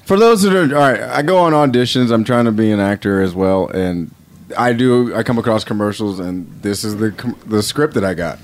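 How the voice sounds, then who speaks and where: A man co-hosting a casual comedy podcast chat, animated and joking, sometimes tripping over words. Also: lowish voice, brisk. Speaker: podcast co-host, aspiring actor.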